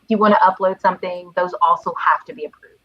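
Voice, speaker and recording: A woman's voice: fairly low pitch, fast. Chatty woman telling stories over a muffled call. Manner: lively storyteller, acts out quotes. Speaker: guest. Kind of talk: casual chat. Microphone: video call.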